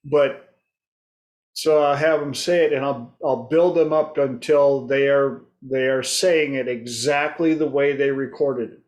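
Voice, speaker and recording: A man's voice: mid-range voice, steady tone, unhurried, a little mellow. A man hosting a casual group discussion, telling stories and acting out his clients' voices. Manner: storytelling, acts out clients' voices. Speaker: host.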